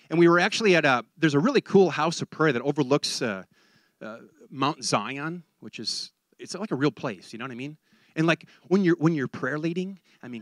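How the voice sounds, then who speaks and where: A man preaching a sermon in an animated way, often repeating words as he builds a point. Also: high voice, no room sound, clean studio sound.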